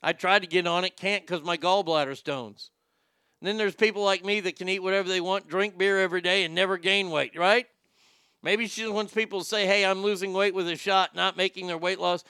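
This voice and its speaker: Brief: male host, high bright voice, sarcastic and profane, dry close sound. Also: fairly even intonation, fairly quick, smooth, no room sound. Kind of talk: ranting celebrity commentary.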